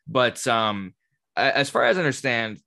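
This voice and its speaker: A man's voice: medium pitch, moderate pace, vocal fry, pushed and bright. A man co-hosting a podcast who chats casually, explaining game lore and often trailing off with a laugh. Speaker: podcast co-host. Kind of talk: casual chat.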